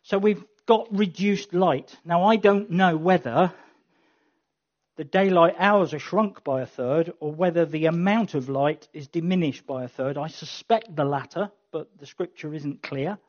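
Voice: mid-range voice, unhurried, darkish tone. Preacher with wry asides, lo-fi sound. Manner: conversational, wry asides, rising to emphatic passion. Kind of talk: sermon with closing prayer.

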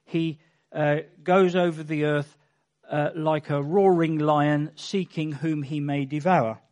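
High-voiced man teaching scripture. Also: fairly even intonation, slow, a little mellow. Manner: emphatic, with wry asides and chuckles. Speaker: Bible teacher. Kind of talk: conversational sermon.

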